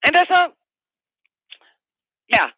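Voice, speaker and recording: A man's voice: very high voice, big pitch swings, takes it slowly, no echo. A man hosting a live call-in radio show, rambling on with heavy profanity and emphatic repeats. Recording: dry, phone-like radio sound.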